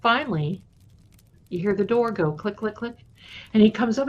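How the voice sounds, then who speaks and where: This live-stream storyteller is a woman with a medium-pitched, expressive voice at a normal speed. She chats affectionately with viewers and shares spooky stories casually, with the dull lo-fi audio carrying a little hiss or hum.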